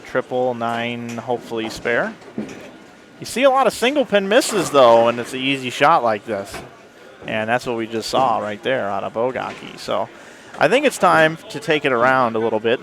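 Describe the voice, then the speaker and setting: A man's voice: mid-range voice, fairly bright tone, slight background noise. A man giving live play-by-play bowling commentary, chatty, correcting himself and making friendly asides to viewers. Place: bowling center.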